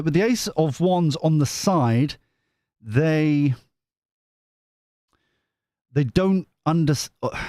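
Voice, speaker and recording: Chatty man, lively pitch. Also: no echo, studio quality. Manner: chatty, rambling, self-mocking. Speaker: tarot reader. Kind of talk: live-stream reading, casual chat.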